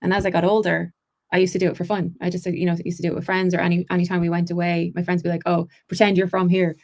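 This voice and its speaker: Fast-talking Irish woman with gravelly fry. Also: on the low side, little pitch movement, darkish tone. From Ireland. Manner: quick, chatty storytelling with frequent "like" and restarts. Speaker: actress and accent coach. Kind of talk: podcast interview.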